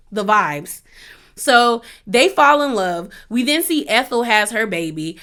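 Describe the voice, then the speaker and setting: A woman recapping a show episode in a casual, animated way, full of slang and sarcastic asides. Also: a little high, unhurried.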